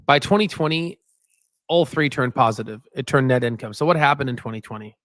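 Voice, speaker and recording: The host of this stock market channel has a medium-pitched, slightly bright voice and speaks a little fast. The studio sound is clean and dry as he rambles casually over viewer comments during a livestream, leaning on "right?" as a recurring filler.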